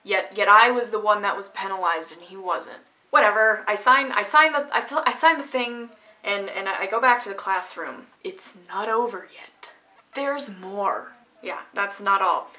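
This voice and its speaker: A woman's voice: medium pitch, moderate pace, bright, forceful tone. A woman vlogger telling a story from her own life in a casual, sarcastic, ranting manner.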